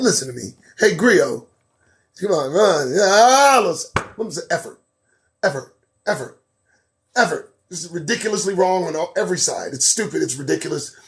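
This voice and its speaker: A man hosting a live commentary show, riffing sarcastically on news items, laughing often and swinging between loud outbursts and low mutters. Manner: laughs a lot between remarks.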